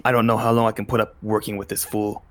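A man's voice: on the low side, flat delivery, fast, fairly bright tone, natural voice. A man voicing a curt, dismissive male street tough in a tabletop game. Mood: surly.

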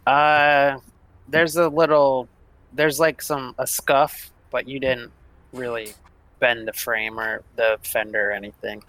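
A man's voice: mid-range voice, little pitch movement, takes it slowly, fairly bright tone, rough recording. A man narrating casually as game master, with loose phrasing and fillers.

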